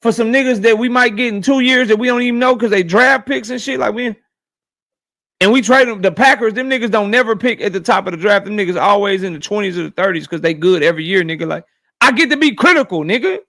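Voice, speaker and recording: A man with a high voice holds forth on his livestream, and his talk is profane and animated. He addresses his chat directly in a loose, casual rant. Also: fast. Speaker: boxing YouTube host.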